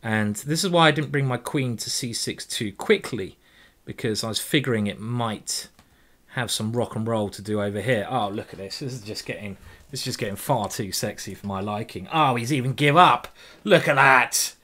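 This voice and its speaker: A man's voice: on the low side, normal speed, a bit bright. An English man giving chatty live commentary while playing blitz chess, thinking aloud and joking with casual swearing. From England. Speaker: chess grandmaster streamer.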